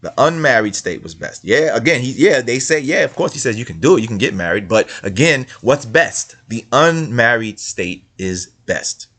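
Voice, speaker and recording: A man's voice: mid-range voice, sing-song, a little fast, few pauses, a bit bright, husky. A man hosting religious commentary, reading passages aloud and repeating his points with rhetorical questions in a casual way. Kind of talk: casual screen-share commentary.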